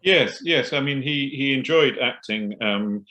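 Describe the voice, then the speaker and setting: An older man answering interview questions as a biographer, speaking hesitantly with many pauses and restarts. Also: mid-range voice, bright, forceful tone. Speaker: biographer guest.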